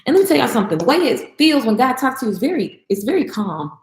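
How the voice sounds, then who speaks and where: A woman's voice: on the high side, very animated, quick pace, darkish tone, echoey room, poor audio. A woman chatting casually to her viewers while she cooks in her kitchen, calling them y'all. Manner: chatty, talks to viewers as y'all, Southern slang. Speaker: vlogger and business coach. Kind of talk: casual chat while cooking. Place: home kitchen.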